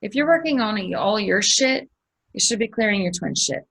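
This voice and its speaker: A woman's voice: medium pitch, lively intonation, normal speed, gravelly, fairly bright tone, breathy edge, low-quality recording. A middle-aged woman hosting a spiritual channel, telling a story casually, swearing freely and acting it out with sound effects.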